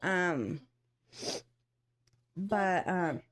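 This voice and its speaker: A woman's voice: fairly low pitch, animated, extremely slow. A woman in her thirties chatting casually to her viewers, rambling with many fillers and restarts and acting out what others said. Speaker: vlogger. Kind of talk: casual storytelling to camera.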